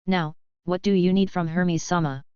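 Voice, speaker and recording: A woman's voice: fairly low pitch, steady tone, moderate pace, a little mellow, clean tone, dry recording, lo-fi sound, natural voice. A woman voicing a tired, composed young woman who speaks formally and politely.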